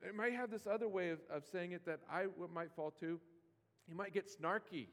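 A man with a fairly high voice preaching to his congregation, loose and conversational, slipping into playful mock pleading now and then. His voice carries a long reverb from a large church hall. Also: a little fast, fairly bright tone. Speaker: pastor. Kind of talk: sermon.

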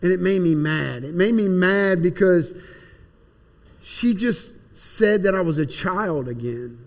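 A man's voice: high-pitched, animated, slow pace. A man plainly and earnestly telling his personal testimony. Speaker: speaker giving personal testimony. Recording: long hall reverb.

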